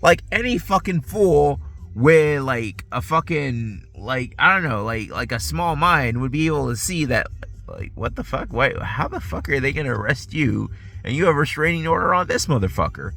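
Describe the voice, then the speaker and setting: A man's voice: mid-range voice, animated, normal speed, gravelly, fairly bright tone. A man with a stuffy nose, drowsy, rambling in a profane casual monologue full of fillers and restarts, recorded outdoors on a phone. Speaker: vlogger.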